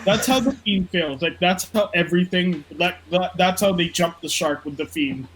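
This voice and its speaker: A man's voice: sits high, normal speed, a bit bright, a little hiss or hum, low-quality recording. A man co-hosting a casual wrestling podcast from the Philippines, ranting with lots of swearing and mocking impressions. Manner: profane, ranting, mock-impressions. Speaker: podcast co-host.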